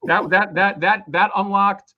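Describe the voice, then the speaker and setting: A man's voice: high-pitched, fairly even intonation, unhurried, dull audio. A man losing his voice, rambling casually and swearing a lot while explaining a toy on a live stream. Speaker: toy designer presenting a crowdfunding campaign.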